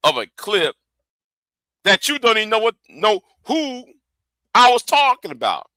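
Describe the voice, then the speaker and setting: A man's voice: a little high, bright, forceful tone, no echo. A man hosting a livestream, ranting angrily and profanely, often repeating himself and stumbling over words. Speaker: livestream host. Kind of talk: heated livestream rant.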